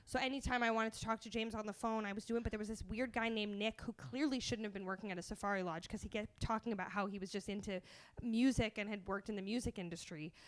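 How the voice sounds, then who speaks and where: A woman from Canada, telling a comedic story as a podcast guest in a chatty, animated way. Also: medium pitch, fast. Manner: chatty and animated, laughs often between phrases.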